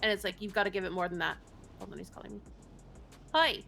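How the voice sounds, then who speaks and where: Woman scolding down a phone line in roleplay, blunt and profane, crisp bright tone. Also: mid-range voice, fast, soft background music. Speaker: roleplay character from the mayor's office. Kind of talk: in-character roleplay phone call.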